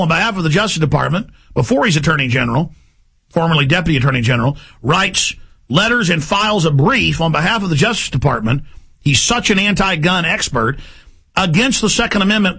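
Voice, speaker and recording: Male talk host, high gravelly voice, husky edge, ranting monologue delivery. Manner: forceful, ranting, emphatic repetition. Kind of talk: impassioned monologue.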